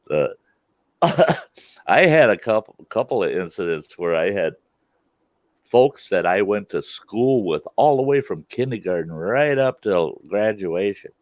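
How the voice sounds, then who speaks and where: A man's voice: fairly low pitch, a little slow, no echo. A middle-aged man hosting a casual chat, telling stories with frequent laughter. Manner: laughs often, animated storytelling. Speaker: host. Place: outdoors at a campfire. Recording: dull lo-fi sound.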